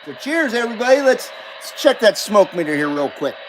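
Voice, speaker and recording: A man's voice: high-pitched, very animated, brisk, a little hiss or hum, low-quality recording. A man hosting a live stream in casual chat, reading viewer comments aloud and coughing now and then. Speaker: host.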